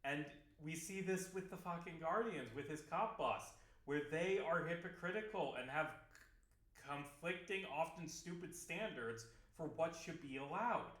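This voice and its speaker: A man's voice: on the high side, unhurried, a bit bright, roomy sound. A man vlogging casually over gameplay, rambling with lots of fillers, restarts and casual swearing. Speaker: video game vlogger.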